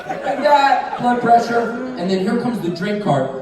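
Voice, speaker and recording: Animated man telling a comic story onstage. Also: extremely high pitch, unhurried, over a noisy crowd, very noisy. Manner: animated, self-mocking, acts out sounds. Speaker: convention panel performer. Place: large convention hall. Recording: echoey hall, distant mic, audience. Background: audience laughter and murmurs.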